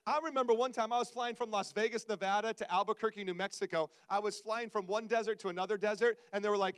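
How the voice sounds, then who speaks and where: A man preaches in a fairly high voice, with animated, self-mocking humor that keeps the sermon conversational. He talks to his congregation as if chatting with friends. The sound is dry and close. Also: fast, hardly any pauses, smooth, no room sound. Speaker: pastor. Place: church service before a congregation.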